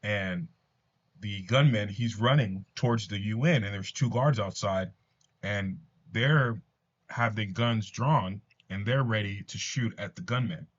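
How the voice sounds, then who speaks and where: A man's voice: lowish voice, a little slow, muffled recording. A man casually retelling a comic book story, earnest, with his own asides. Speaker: comics commentator. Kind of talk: casual comic recap narration.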